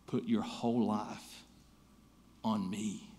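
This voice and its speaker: A man pastor preaching a sermon, telling a story with lively emphasis and easing into quiet, soft prayer. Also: on the low side, takes it slowly.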